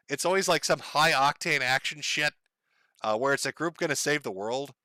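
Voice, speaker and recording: A man's voice: on the high side, pushed and bright, dry recording, clean studio sound. A middle-aged man streaming, chatting casually, reading donations and swearing freely with a wry, joking manner. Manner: profane, wry, laughs at his own jokes. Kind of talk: casual live-stream chat.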